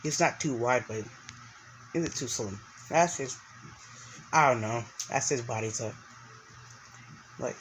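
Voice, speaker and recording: A man's voice: medium pitch, a little hiss or hum, rough recording. A man narrating an improvised story, rambling along with many restarts and fillers.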